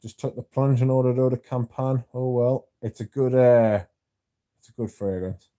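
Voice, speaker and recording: A man's voice: mid-range voice, little pitch movement, normal speed, warm tone, no room sound, dull audio. A man hosting a casual livestream, reading viewer comments aloud and answering them with dry, sardonic banter. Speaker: livestream host.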